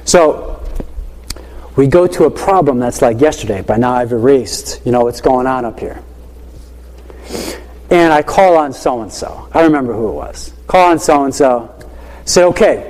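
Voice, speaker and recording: A man who teaches high school, telling a classroom story in a casual, animated way with lots of fillers. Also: in a large hall. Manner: animated, chatty, many fillers like "you know".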